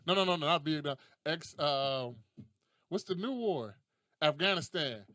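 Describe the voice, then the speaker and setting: A young adult man hosting a casual podcast, telling stories in a profane, animated way and laughing often. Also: on the high side, measured pace, dry recording, studio quality. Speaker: podcast host.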